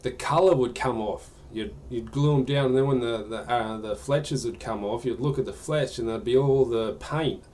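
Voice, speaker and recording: A man's voice: medium pitch, moderate pace, few pauses, a little mellow. A man chatting casually during a live gaming stream, answering viewer questions in a rambling way.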